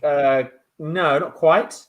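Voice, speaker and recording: A man's voice: a little high, fairly even intonation, extremely slow. A man improvising comedy, quizzing and prodding his scene partner with frequent laughter.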